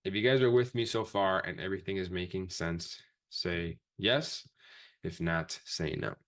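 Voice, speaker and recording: A man teaching a live trading lesson, talking fast and casually with lots of swearing. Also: deep voice, fairly even intonation, a bit bright. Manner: fast, profane, casual coaching talk. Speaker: trading instructor.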